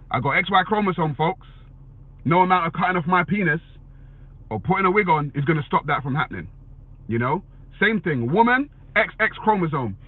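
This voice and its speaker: Answering viewer comments, this man gives his opinions bluntly and casually, cursing and saying "you know what I'm saying" over and over. He has a fairly high voice with a breathy edge. The audio is dry and phone-like, with no room sound.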